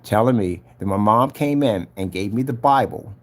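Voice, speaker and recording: A man's voice: on the low side, lively intonation, normal speed. A man giving a casual spoken testimony, earnest and preachy, who retells past events and acts out the voices of the people in them. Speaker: vlogger giving a personal testimony.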